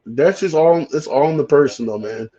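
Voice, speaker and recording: A man's voice: fairly high pitch, fairly quick, dark tone, highs cut off. A man chatting casually as host, cursing often and stammering through repeated words. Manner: profane, stammering, repeats himself. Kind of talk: casual chat.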